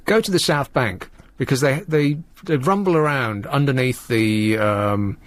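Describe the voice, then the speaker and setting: A man's voice: mid-range voice, a little slow, dry recording. A man hosting a late-night radio phone-in, dry and sardonic, joking with callers and studio staff at a studio microphone. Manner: dry, sardonic and mock-outraged.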